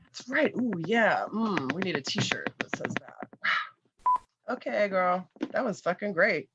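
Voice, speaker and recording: A woman's voice: mid-range voice, very animated, measured pace, muffled recording, heavy background noise. A woman co-hosting a podcast in casual chat, laughing often and swearing freely. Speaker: podcast co-host.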